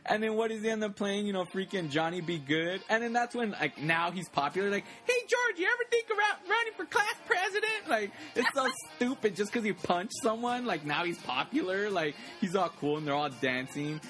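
A man in a casual movie chat, talking fast with lots of fillers and acting out lines from scenes. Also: high voice, fairly bright tone.

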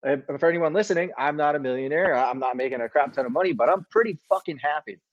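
A male podcast guest in a casual conversation, relaxed and upbeat, with lots of filler words. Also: on the high side, quick pace. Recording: dull muffled sound.

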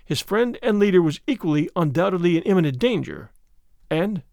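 A man's voice: high voice, expressive, a little fast, vocal fry, darkish tone, dry recording, studio quality. A man reading a classic novel aloud as an audiobook narrator. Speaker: audiobook reader. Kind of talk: scripted narration.

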